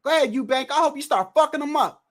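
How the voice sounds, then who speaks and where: A livestream host reacts live to a boxing match in casual watch-along commentary, speaking fast in a high voice with bursts of loud excitement. The talk is excitable and slangy, full of cursing, rambling restarts and repeated words. They're indoors at home, with wind and street noise coming from outside.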